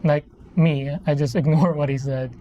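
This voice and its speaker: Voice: medium pitch, steady tone, moderate pace, warm tone, dull audio. A person in their thirties from the Philippines, chatting casually on a live stream in a rambling, self-correcting way. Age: 30s. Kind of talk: casual live-stream chat while building a model kit.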